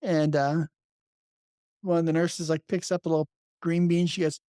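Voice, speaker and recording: A man hosts a podcast and swaps emergency-room stories in a quick, chatty way. His voice is recorded close and dry, and laughing asides break into his telling. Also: on the high side, little pitch movement, warm tone, no echo. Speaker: podcast host, emergency nurse. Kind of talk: casual conversation.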